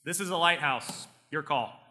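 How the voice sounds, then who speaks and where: A man voicing a calm male lighthouse keeper who answers with flat, dry replies. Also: on the high side, normal speed, in a large hall, pitched above the performer's own voice. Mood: unbothered.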